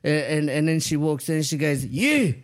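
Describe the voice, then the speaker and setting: A man's voice: fairly high pitch, little pitch movement, moderate pace, darkish tone. Swearing storyteller man from El Salvador. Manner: rambling, swears freely, laughs through his stories. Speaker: guest. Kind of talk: casual storytelling chat.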